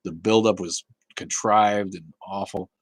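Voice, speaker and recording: A man hosting a casual live talk show, rambling and swearing, with many halting restarts as he answers viewer chat. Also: sits low, fairly even intonation, no echo, rough recording.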